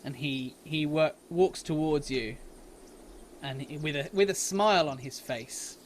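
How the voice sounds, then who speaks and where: A man's voice: on the high side, measured pace, a little hiss or hum. A British man as dungeon master, narrating an improvised tabletop game and thinking his rulings through aloud. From Britain.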